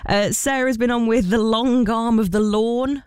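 A woman's voice: fairly high pitch, steady tone, a little slow, darkish tone, clear, resonant tone, no room sound. A woman presenting a breakfast radio show, chatty and playful, laughing easily as she reads out listeners' entries. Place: radio studio. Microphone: studio microphone.

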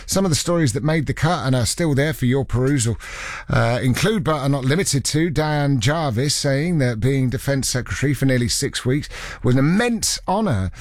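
A man's voice: mid-range voice, animated, normal speed, no room sound. A man presenting a radio show, chatting between songs with wry, jokey asides. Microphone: studio mic.

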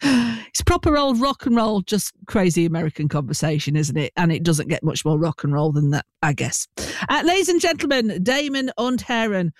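A man's voice: high voice, big pitch swings, a little fast, dry recording. A man presenting a radio segment on an old rock song, chatty and enthusiastic with plenty of "uh" fillers. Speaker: radio host.

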